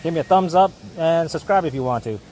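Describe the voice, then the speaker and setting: A man's voice: on the high side, expressive, fast talker, a little mellow, slight background noise. A man working as a mechanic, giving casual how-to narration while he works, rambling and often repeating words and restarting. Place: auto repair shop.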